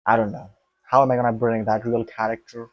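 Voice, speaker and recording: A man's voice: mid-range voice, flat delivery, fast, dry recording, dull audio. A young man vlogging to his camera, thinking aloud in an emphatic, rambling way, repeating himself and swearing.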